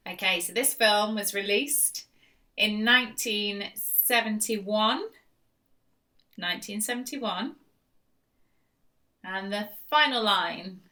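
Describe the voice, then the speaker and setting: Heard from a distance from the microphone, this woman runs a live-stream quiz, reading each question and going over it again with a teasing, talkative manner. Her medium-pitched, sharp voice moves slowly, broken by long pauses.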